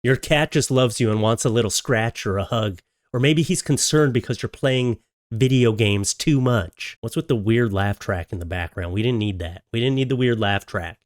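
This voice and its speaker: A man's voice: medium pitch, expressive, moderate pace, dry recording, studio quality. A man hosting a comedic reaction commentary on viral videos, joking with sarcastic asides.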